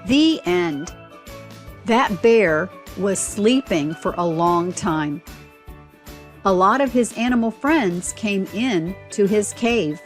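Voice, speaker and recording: Slow, clear woman reading a picture book. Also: on the high side. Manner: slow and clear, pausing to ask simple questions. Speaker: teacher reading aloud. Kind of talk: picture book read-aloud for children.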